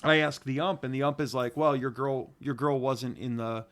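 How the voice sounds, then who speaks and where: A middle-aged man from Ohio with a Northeast Ohio accent, co-hosting a podcast and telling a casual story as a youth softball coach, acting out the quotes. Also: mid-range voice, moderate pace, slight background noise. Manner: animated, acts out quotes.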